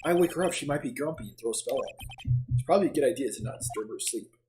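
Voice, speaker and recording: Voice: medium pitch, expressive, rapid-fire, mellow, soft background music, poor audio. A streamer reading game text aloud and chatting casually, often laughing at their own reading. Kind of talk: let's play commentary and dialogue reading.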